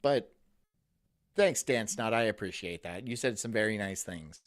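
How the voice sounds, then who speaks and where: A male streamer hosting a live stream, reading chat, mocking and laughing between loud rants and muttered asides. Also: fairly low pitch, animated, normal speed. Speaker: streamer host.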